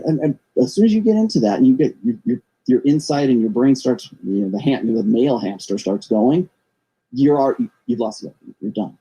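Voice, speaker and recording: A man's voice: medium pitch, sing-song, normal speed, dark tone, breathy edge, low-quality recording. A middle-aged man hosting his own show, talking in a rambling monologue that often repeats and restarts words. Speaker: show host. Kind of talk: casual monologue commentary.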